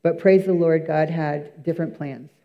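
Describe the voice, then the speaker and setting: A man's voice: on the high side, normal speed, lo-fi sound. A man giving an earnest, emphatic church testimony, telling his story with many fillers and restarts.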